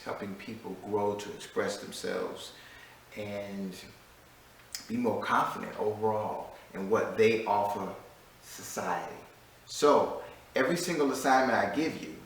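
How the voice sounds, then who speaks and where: A man's voice: fairly low pitch, fairly bright tone, slight background noise. A man introducing his online class as the teacher, emphatic and fond of repeating key phrases. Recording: echoey room, mic at a distance.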